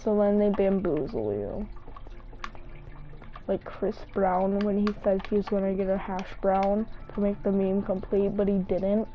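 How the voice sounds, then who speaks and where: A woman's voice: medium pitch, measured pace, highs cut off. A young woman streaming a game, chatting casually and rambling through jokey, absurd asides. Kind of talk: casual gameplay commentary.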